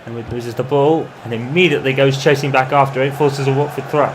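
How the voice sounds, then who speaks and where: A man commentating over his own football video game in the style of a match broadcaster, calm between plays and erupting into shouts when a goal goes in. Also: medium pitch, a little fast, background noise. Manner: excitable, bursts into shouting on goals. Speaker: gamer doing mock football commentary. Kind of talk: playful imitation of match commentary over gameplay.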